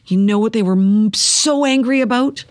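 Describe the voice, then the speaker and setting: Lively middle-aged woman telling stories. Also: fairly high pitch, moderate pace. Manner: lively storyteller who acts out quoted dialogue; emphatic, repeats phrases for effect. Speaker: former news director, guest. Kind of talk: conversational interview storytelling.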